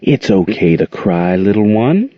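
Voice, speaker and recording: A man's voice: on the low side, sing-song, unhurried, no room sound. A man voicing an older aunt, folksy, firm and protective, in a dull muffled recording. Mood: tender. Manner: folksy, scolding then tender. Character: warm firm older aunt raising kids.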